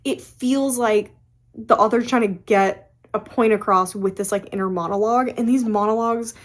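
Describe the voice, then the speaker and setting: A young woman chatting casually in a book vlog, animated and full of fillers and quick laughs. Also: mid-range voice. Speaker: book vlogger. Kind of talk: casual chat.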